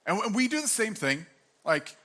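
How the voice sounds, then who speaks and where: A man's voice: high voice, sing-song, moderate pace, fairly bright tone. A young man giving a sermon as pastor, earnest and conversational, full of fillers and restarts.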